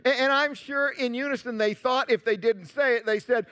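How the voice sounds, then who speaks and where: Man, pastor, sermon, high voice, animated, emphatic then quiet. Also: moderate pace, hardly any pauses, clear, resonant tone. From Canada. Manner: animated, swings between loud emphatic lines and quiet asides.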